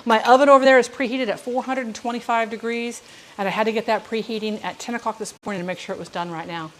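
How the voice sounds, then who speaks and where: A woman's voice: fairly high pitch, fairly even intonation, quick pace. A woman hosting a chatty live cooking stream, talking viewers through each step of a recipe and chatting with them as she goes. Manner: talks viewers through each step while reading chat. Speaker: home cook streamer.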